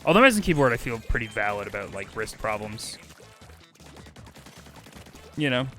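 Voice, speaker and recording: A man streaming a video game live, chatting with viewers and reacting loudly, swinging between excited yelps and low mutters. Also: normal speed, soft background music. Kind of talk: casual live gameplay commentary.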